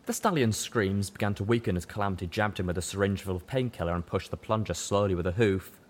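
A man narrating a fan fiction audiobook with expressive storytelling. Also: on the low side, quick pace.

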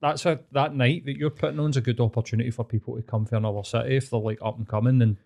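A man's voice: medium pitch, steady tone, very fast, creaky, darkish tone. Easygoing Scottish man in his thirties. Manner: easygoing, chatty, sweary. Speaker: podcast co-host. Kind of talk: casual chat.

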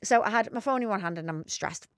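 A young woman rattles through her stories at a fast clip, animated and excitable as she co-hosts a casual chat. Her voice sits at a middling pitch and sounds close and dry, with no room around it. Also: no room sound. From northern England, near Rochdale. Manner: animated storyteller, quick and excitable. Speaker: podcast co-host.

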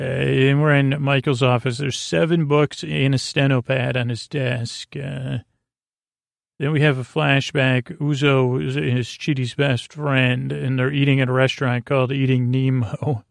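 Flat, gravelly man rambling to sleep. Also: no echo, clean studio sound. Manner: rambling and halting, many filler sounds; low-key, flat and meandering. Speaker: podcast host. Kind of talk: sleep podcast episode recap.

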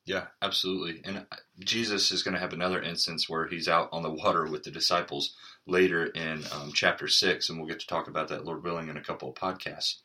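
Male podcast co-host, earnest Bible-study talk, forceful bright tone. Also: deep voice, flat delivery, quick pace. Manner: earnest, reads scripture aloud. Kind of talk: casual Bible study chat.

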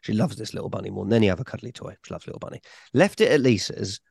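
Animated gravelly man. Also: fairly low pitch, very fast, dry recording. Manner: animated storyteller, acts out voices. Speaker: podcast co-host. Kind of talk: casual chat.

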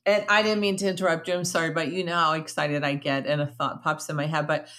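A woman's voice: low voice, flat delivery, fast, a bit bright. A woman hosting an interview podcast, bubbly and talkative, chatting casually with her guest and laughing easily. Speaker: podcast host.

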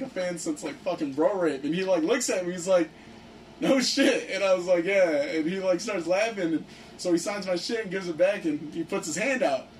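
A young man casually telling a story to friends, excited and profane, filling his talk with "like". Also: high voice. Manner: excited, profane, heavy use of "like". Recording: distant mic with faint background noise.

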